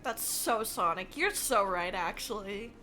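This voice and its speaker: A woman streams casually, chatting and giggling as she talks straight to her viewers. Her medium-pitched voice is bright, forceful and expressive, moving a little slowly over soft background music.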